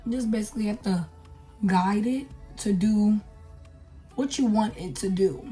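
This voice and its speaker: A woman's voice: mid-range voice, a little slow, mellow, faint music behind. A young woman chatting casually through a makeup tutorial, talking to viewers with lots of fillers as she works. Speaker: beauty vlogger.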